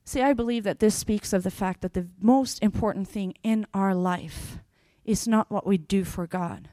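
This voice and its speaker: A woman preaching a sermon, telling Bible scenes with lively voices and slowing down on key phrases. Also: mid-range voice, no room sound, studio quality. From Sweden. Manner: expressive, acts out scenes with sudden loud bursts.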